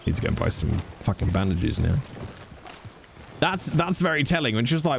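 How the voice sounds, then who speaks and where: Gravelly, joking male streamer. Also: mid-range voice, sing-song, a little fast, pauses often, slight background noise. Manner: joking, swearing, teasing banter. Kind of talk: casual live-stream chat.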